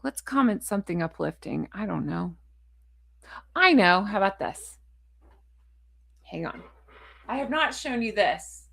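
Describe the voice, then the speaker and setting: A woman's voice: mid-range voice, big pitch swings, a little slow, gravelly, long pauses, a bit bright, no room sound, studio quality. A woman vlogger in casual chat to camera, frustrated, blunt and ranting, with a chatty, rambling sign-off. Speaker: royal commentary vlogger.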